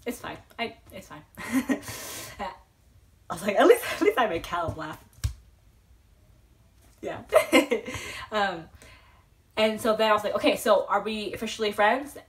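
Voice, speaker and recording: A young woman telling an excited storytime vlog, rambling and giggly, with lots of fillers and restarts. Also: medium pitch, measured pace, long pauses. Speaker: vlogger.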